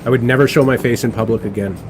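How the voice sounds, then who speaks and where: A man's voice: medium pitch, fairly even intonation, rapid-fire, background noise. A man hosting a casual chat, amused and laughing along while watching clips.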